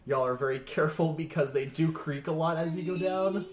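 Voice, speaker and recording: A man's voice: fairly high pitch, a little fast, a little hiss or hum. A man running a tabletop game as game master, narrating in a laid-back way with chuckles and sound effects. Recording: echoey room.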